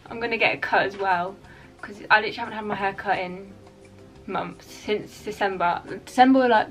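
A young woman, chatting frankly to camera in a casual vlog. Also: medium pitch. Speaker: beauty vlogger.

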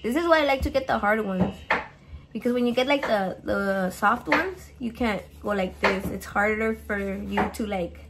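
With a medium-pitched voice at a moderate pace, a young home cook records a casual kitchen vlog. Her style is playful and full of swearing, sprinkled with Spanish words in her English, while clear chopping noises and clicks sound in the background.

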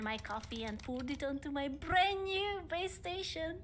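A young woman live-streaming, chatting casually with viewers in a cheeky, playful, excitable way. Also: high-pitched, unhurried, few pauses. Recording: loud background noise.

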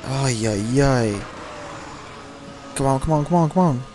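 Playing a racing game, a young man narrates in an expressive, medium-pitched voice without hurrying. He's frustrated, swearing and grumbling at the cars and talking to the game, with game music and car sounds in the background.

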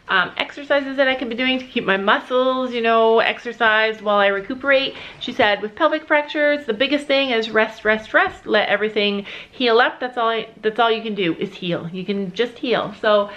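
A woman's voice: on the high side, fairly quick, few pauses, fairly bright tone, lo-fi sound. A middle-aged woman vlogging casually, chatting straight to her viewers in a talkative way. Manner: chatty, often addresses viewers directly. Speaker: family vlogger. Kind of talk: casual vlog talk to camera.

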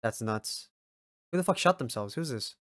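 A young man giving casual reaction commentary while watching an anime episode. He swears often and breaks into loud, excited yells. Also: medium pitch, normal speed, no echo, clean studio sound.

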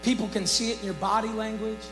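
A male pastor preaching a sermon, swinging between hushed reflection and shouted emphasis. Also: high voice, fairly even intonation, fast, over music, rough recording. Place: church.

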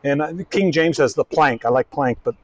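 A man's voice: mid-range voice, moderate pace, dry recording, low-quality recording. A man preaching a casual, folksy sermon as pastor, chatting with the congregation through frequent restarts and asides.

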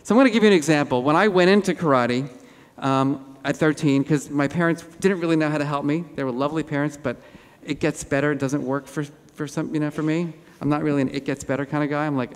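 A man with a fairly high voice gives a lively keynote talk to an audience in a large hall. His voice rings with long reverb from the auditorium. He keeps his audience engaged. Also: a little fast. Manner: animated, role-plays an upset teen with the audience. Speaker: keynote speaker.

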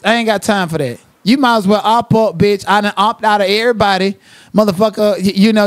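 A man's voice: sits high, no echo, clean studio sound. A man hosting a livestream, cursing and trash-talking someone in a confrontational rant. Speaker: livestream commentator.

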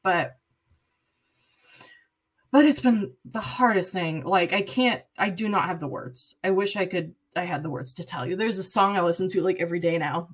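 A woman's voice: fairly low pitch, normal speed, slightly rough. Earnest woman in her thirties, near tears. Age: 30s. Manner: earnest, rambling, close to tears. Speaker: vlogger. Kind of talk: emotional personal vlog.

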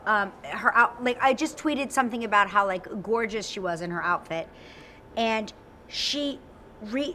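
A middle-aged talk show co-host with a high, bright voice. She chats animatedly and laughs often, with a faint hum of studio ambience behind her. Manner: animated, laughing, acts out quotes. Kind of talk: lively casual chat.

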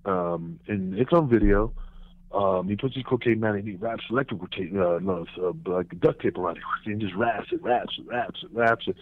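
A man, a former pro wrestler, telling backstage stories in a casual interview, animated and profane, acting out what others said. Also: fairly low pitch, fairly quick. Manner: animated, profane, acts out quotes in raised voices. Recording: tinny phone line, dry.

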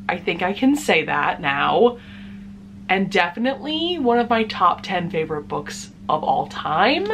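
A woman's voice: mid-range voice, noisy background. A young woman vlogging at home about books she loves, chatty and gushing, often laughing as she talks. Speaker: book vlogger. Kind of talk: casual reading vlog chat.

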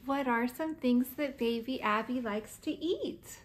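A woman teaching first words to toddlers, repeating single words slowly and clearly. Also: high voice, a little hiss or hum. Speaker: preschool teacher.

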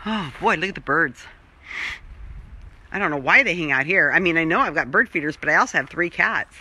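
A woman's voice: deep voice, animated, fairly quick, bright, forceful tone, breathy edge, low-quality recording. A woman chatting casually while filming a tour of her own outdoor garden on a handheld phone, rambling as she goes. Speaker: vlogger. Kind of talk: casual chat.

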